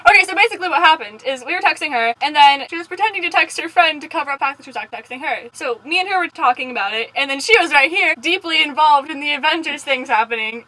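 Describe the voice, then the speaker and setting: A young woman casually chatting on a vlog, telling a story in a fast, giggly, sassy way. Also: high voice, bright, forceful tone, rough recording. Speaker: vlog co-host. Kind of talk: casual chat.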